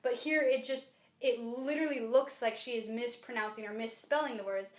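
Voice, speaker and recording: A woman co-hosting a podcast, chatting casually about a book in an animated way with lots of fillers. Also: on the high side, normal speed. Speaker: podcast co-host. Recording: echoey room.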